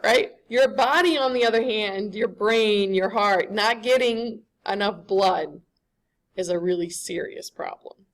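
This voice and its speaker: New lady teaching a class, kinda gravelly, mid pitch, super conversational. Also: measured pace. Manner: conversational, often checks in with "right?". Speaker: lecturer. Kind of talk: classroom lecture. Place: lecture classroom.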